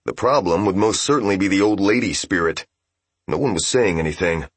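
A man narrating a fantasy game novel as an audiobook, in steady, even storytelling. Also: sits low, a little fast, dry recording.

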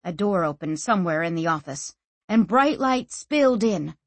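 A woman narrating a fantasy audiobook in a measured, lightly expressive way. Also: lowish voice, no echo.

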